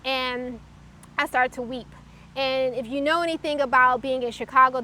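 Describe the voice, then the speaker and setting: A woman telling a personal faith testimony in an earnest, reflective way, pausing often as she recalls events. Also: sits high, fairly even intonation, pushed and bright, slight background noise. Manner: earnest, halting, reflective storytelling. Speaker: testimony speaker.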